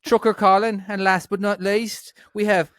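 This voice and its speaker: An Irish man putting on an exaggerated Dublin accent for a loud, sing-song roll call of names. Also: high voice, little pitch movement, moderate pace, no room sound, studio quality, pitched above the performer's own voice. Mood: hammy.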